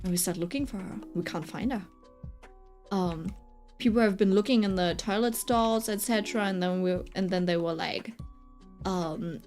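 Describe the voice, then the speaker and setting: A woman's voice: mid-range voice, expressive, moderate pace, faint music behind. A woman streamer telling a story in a casual, rambling way, full of fillers and constant "right?" check-ins. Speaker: streamer chatting while drawing.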